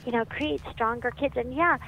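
A middle-aged woman, a psychiatrist and author, telling stories in a lively, animated way as a guest. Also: on the high side, normal speed. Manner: lively, animated storyteller who laughs often. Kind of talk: storytelling in a conversation. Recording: muffled with faint background noise.

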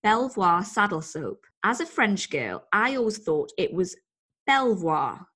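A woman's voice: mid-range voice, a little slow, breathy edge. A woman co-hosting a podcast in casual chat, telling stories with lots of laughter. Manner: laughs often, animated storytelling. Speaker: podcast co-host.

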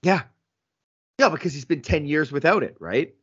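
A man co-hosting a podcast in casual chat, animated, laughing often and acting out quotes. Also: fairly high pitch, normal speed, slightly rough, dry recording, highs cut off. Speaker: podcast co-host.

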